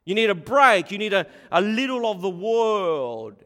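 A preacher voicing a smooth, flattering male tempter who coaxes a listener, heard with long hall reverb. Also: high voice, unhurried, pitched above the performer's own voice, full character voice. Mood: coaxing. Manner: coaxing, flattering.

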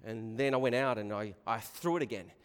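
A man's voice: lowish voice, fairly quick, long reverb tail. A man from Sydney with an Australian accent, telling a childhood story in a sermon with frequent restarts and repeated words. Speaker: preacher.

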